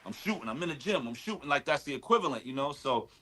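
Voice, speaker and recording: A man's voice: medium pitch, lively intonation, quick pace, fairly bright tone. A man, a guest rapper talking in a casual interview, laid-back and talkative with lots of "you know what I mean.". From Brooklyn, New York. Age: 40s.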